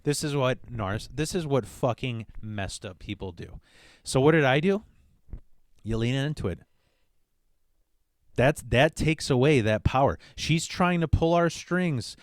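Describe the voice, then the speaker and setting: A man's voice: medium pitch, lively intonation, a little slow, dry recording, clean studio sound. A man hosting a podcast, talking in a blunt, profane comic monologue. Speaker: podcast host. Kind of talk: casual comedic monologue.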